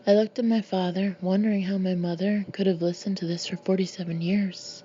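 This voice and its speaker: A woman narrates her own memoir in a dry, sardonic, deadpan voice. Her tone is warm and low-key. The recording is slightly muffled, with a faint hiss behind her. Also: fairly quick, few pauses. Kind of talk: audiobook narration.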